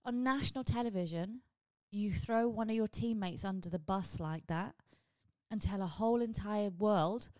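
A woman hosting her own vlog, chatting casually and rambling with quick asides to her viewers. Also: medium pitch, warm tone, dry recording. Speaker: vlog host. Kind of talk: casual chat.

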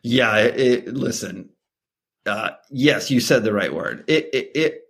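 A man's voice: measured pace, gravelly. A middle-aged man, a guest on a podcast, telling a family story in casual talk and acting out the voices in it. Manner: animated, acts out dialogue with sharp pitch jumps.

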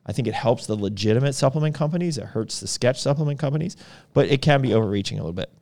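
Lively, rambling man on a podcast. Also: mid-range voice, very fast. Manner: relaxed, rambling with fillers. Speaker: podcast co-host, supplement store owner. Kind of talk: casual podcast chat.

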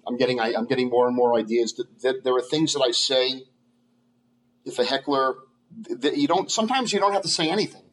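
A man who is a comedian guest, telling stories in a casual interview, halting and restarting often. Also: mid-range voice, fairly bright tone, rough recording. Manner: halting, many restarts and fillers.

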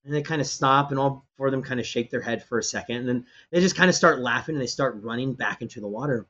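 A man serves as game master for a tabletop game, narrating loosely and ramblingly with plenty of fillers and restarts. His mid-range voice is a bit bright and he talks fast, over slightly dull lo-fi stream audio.

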